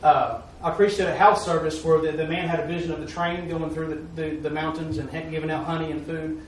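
Man, preacher, folksy testimony, slightly high voice, echoey distant mic. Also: little pitch movement, brisk. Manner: folksy, repetitive, with "I'm telling you". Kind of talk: testimony during a church talk. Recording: echoey room, mic far off, faint noise.

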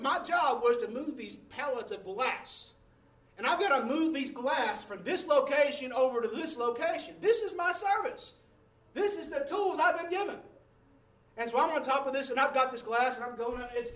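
High-voiced preacher in a roomy church. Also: male voice, a bit bright, far from the mic. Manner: storytelling, with calls to the congregation. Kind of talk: sermon. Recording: roomy room, voice away from the mic.

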